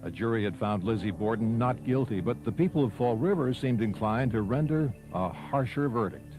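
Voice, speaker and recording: A man giving measured, scripted documentary narration. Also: mid-range voice, low-quality recording. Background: soft music bed.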